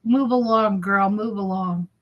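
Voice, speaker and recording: A woman's voice: mid-range voice, unhurried, highs cut off. A middle-aged woman chatting casually on her livestream, heckling and giggling as she reads viewers' comments. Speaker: livestream host.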